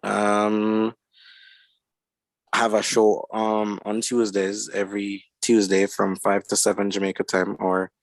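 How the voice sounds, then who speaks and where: Slow, gravelly young man telling his story. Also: on the low side, completely flat delivery, no room sound. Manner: unhurried, rambling storytelling. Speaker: guest musician and producer. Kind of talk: casual podcast interview.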